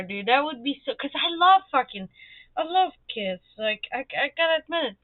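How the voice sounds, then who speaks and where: A high-voiced young woman chats on her livestream, animated and quick to swear, acting out the people in her stories. The sound is dry and thin, like a phone line. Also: no room sound. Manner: animated, swears freely, acts out quoted voices. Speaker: livestream host. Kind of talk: casual livestream chat.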